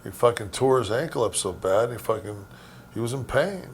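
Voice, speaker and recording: A man recalling old friends in a halting, reflective way, swearing often. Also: mid-range voice, lively intonation, a little hiss or hum. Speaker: wrestling guest recalling stories. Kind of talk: casual storytelling.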